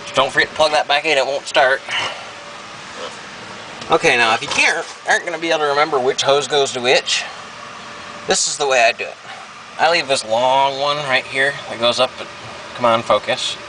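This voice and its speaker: Casual man narrating a car repair to a handheld camera, mid-pitched, loose and self-deprecating, with garage hum and engine noise behind. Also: normal speed, pauses often. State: has the hiccups. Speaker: vlogger. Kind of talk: casual how-to walkthrough.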